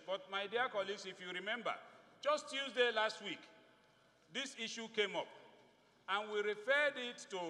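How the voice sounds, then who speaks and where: A man with a Nigerian accent giving a formal, emphatic floor speech as a legislator, deliberately stressing key words. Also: high-pitched, pushed and bright. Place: legislative chamber. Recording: long reverb of a large chamber.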